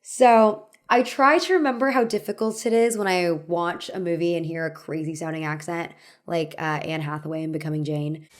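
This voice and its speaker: Wry, lower-voiced young woman essayist. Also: fairly even intonation, moderate pace. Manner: conversational and wry, with light humor. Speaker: video essay host. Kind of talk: scripted video essay narration.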